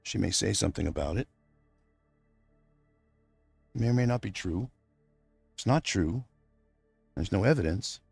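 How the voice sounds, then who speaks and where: Gravelly, husky middle-aged man streaming. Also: low-pitched, expressive, measured pace, long pauses, darkish tone, no echo, soft background music. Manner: rambling, heartfelt, addresses his absent wife directly. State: near tears. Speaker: livestream host. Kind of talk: unscripted emotional monologue.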